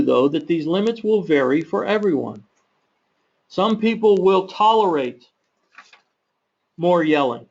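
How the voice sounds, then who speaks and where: A man giving an instructional webinar in a measured, practical way, with occasional fillers and self-corrections. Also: high-pitched. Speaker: webinar presenter on confrontation management. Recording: muffled, dull webinar audio.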